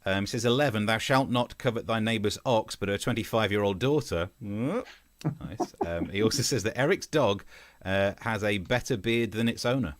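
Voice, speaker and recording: A man co-hosts a casual comedy news show, joking, laughing often, and reading out viewer messages. His voice is on the low side at normal speed, with no room sound.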